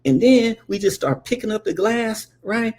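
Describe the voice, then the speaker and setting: A man's voice: high voice, animated, normal speed, darkish tone. A man telling a comic story about his childhood, stammering at times and acting out the voices of the people in it. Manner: stammering, acts out quoted voices.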